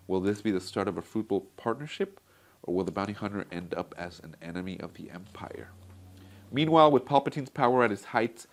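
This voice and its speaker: A man casually reviewing a comic book collection, chatty and enthusiastic, talking straight to his viewers. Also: lowish voice. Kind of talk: casual product review vlog.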